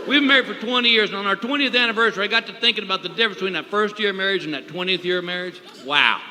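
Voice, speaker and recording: A man's voice: high-pitched, racing. A middle-aged man doing a folksy stand-up routine on a live stage, acting out his wife and himself. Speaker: stand-up comedian. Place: live comedy venue with audience. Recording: echoey hall with loud crowd noise. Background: audience laughter.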